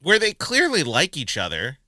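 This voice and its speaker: A man's voice: on the high side, huge pitch swings, normal speed, pushed and bright, dry recording. A man co-hosting a movie review podcast in casual chat, laughing often and acting out quotes from the film. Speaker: podcast co-host.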